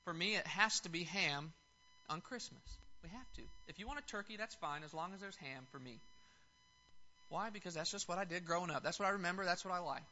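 A man's voice: high voice, animated, brisk, bright, forceful tone. A man preaching a Sunday sermon, moving from casual announcements to emphatic teaching. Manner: conversational, rising to emphatic preaching. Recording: dull lo-fi sound.

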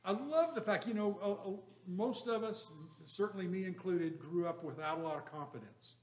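A man with a slightly high voice leads a Bible class, firing questions at the room and punching his points with emphasis. His voice rings in an echoey room. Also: moderate pace. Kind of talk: interactive Bible study lesson.

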